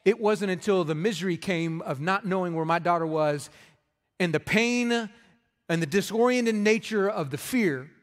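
A man in his thirties, a pastor preaching a sermon, impassioned and rising to loud emphatic peaks. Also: high-pitched. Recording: long reverb of a large hall.

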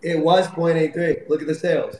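A young man with a mellow, fairly high voice teases his friend dryly and laughs a lot in casual banter. He sounds a bit off the mic in an echoey room with faint noise behind him. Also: fairly even intonation, a little fast.

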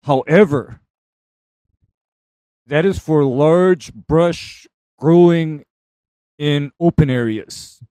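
Man, co-host, slow deliberate pace, slightly high voice, dry close sound, methodical explainer. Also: dark tone, no echo. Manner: measured, explains methods step by step. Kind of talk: casual technical talk.

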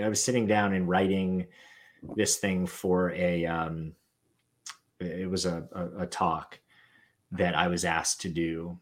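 Deep-voiced hesitant male host. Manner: hesitant, halting, restarts often. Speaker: podcast host. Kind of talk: interview conversation.

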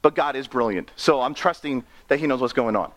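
A man preaching an animated sermon, often laughing and acting out the people in his story. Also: medium pitch, brisk. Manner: excitable, laughs often, acts out characters.

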